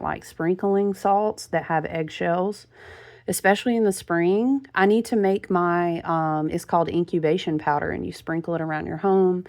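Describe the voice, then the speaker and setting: A woman with a gravelly, low-pitched voice chats casually to her viewers during a spiritual card reading. She talks in a friendly, familiar way, calling them friend and honey. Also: a little mellow.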